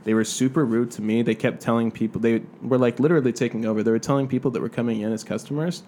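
A man's voice: mid-range voice, steady tone, fast, warm tone, a little hiss or hum. A man from Southern California telling a rambling, profanity-laced story in a casual podcast chat.

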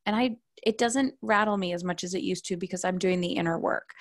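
Lively woman coach telling stories. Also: lowish voice, fairly quick. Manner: lively storytelling, acting out quoted voices. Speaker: parenting coach and podcaster. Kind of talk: conversational podcast interview.

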